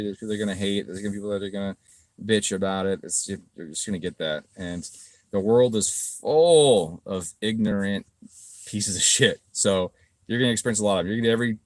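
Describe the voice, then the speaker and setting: A man's voice: a little fast, dry recording, studio quality. A middle-aged man answering viewers' questions in a casual livestream, profane and ranting, mocking critics. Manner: profane, ranting, mocks critics in shrill voices. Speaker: car parts business owner answering live chat.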